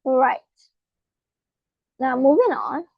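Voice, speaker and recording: High-voiced, slow-talking woman teacher. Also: animated, husky, no room sound, dull audio. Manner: patient, spells out letters, asks rhetorical questions. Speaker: English teacher. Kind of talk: slow explanatory grammar lesson.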